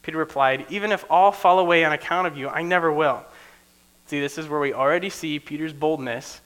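A young man gives a casual teaching sermon with a bright, slightly high voice. He talks to the room like friends, keeps checking in with "right?", and plays out the people in his story. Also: a little fast. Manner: conversational, often adds "right?", acts out quotes in voices.

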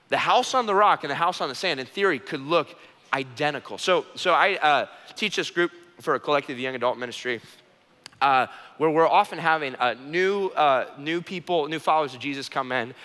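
A man preaching a sermon in an animated, joking way, repeating key phrases and restarting sentences. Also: fairly high pitch, brisk, in a large hall. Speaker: pastor.

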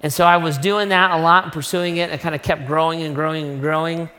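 A middle-aged man preaching in an animated storytelling sermon, poking fun at himself as he goes. His voice sits a little high and rings bright and forceful. A long reverb from a large hall trails behind every phrase. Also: quick pace. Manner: animated, self-mocking storyteller.

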